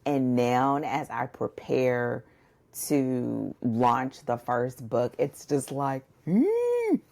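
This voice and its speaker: A woman's voice: a bass voice, level tone, drawn-out words, creaky, darkish tone. A woman co-hosting a book podcast, chatting casually, rambling and saying "y'all" and "listen" a lot. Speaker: podcast co-host, book coach and editor. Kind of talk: casual chat.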